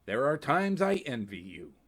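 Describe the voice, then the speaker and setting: Man as a worn-out old official, dry, calm, mumbling, a bit quieter and slower than the reading. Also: medium pitch, breathy edge. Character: weary, cranky old male custodian, dry wit.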